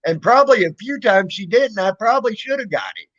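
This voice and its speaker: A man's voice: high voice, expressive, a little fast, a bit bright. A man casually telling a childhood story, rambling and swearing, full of fillers and restarts. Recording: dull lo-fi recording.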